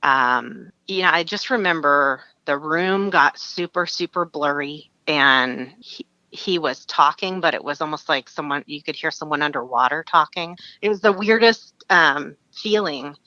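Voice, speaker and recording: A woman's voice: sits low, unhurried, few pauses, pushed and bright, dry recording, highs cut off. A woman from Alaska, a podcast guest, frankly telling a personal story in an interview and laughing through hard memories.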